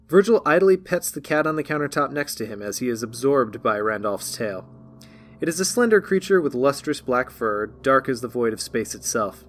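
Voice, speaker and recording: A man reading scripted narration from a card game campaign in a measured, even voice. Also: medium pitch.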